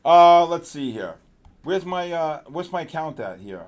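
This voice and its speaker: Excitable high-voiced male trading host. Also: unhurried. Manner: excitable, exclaiming, calling out viewers by name. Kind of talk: live market commentary on a stream.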